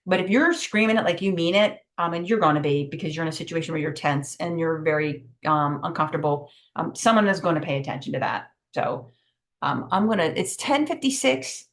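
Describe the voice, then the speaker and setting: A middle-aged woman giving a virtual safety training, brisk and emphatic with many fillers, over a video call. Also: deep voice.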